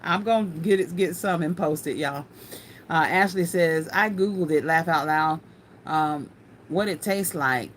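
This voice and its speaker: A woman's voice: low voice, a little slow, slight background noise. A woman hosting a casual craft livestream, chatting folksily and laughing often as she answers viewer comments.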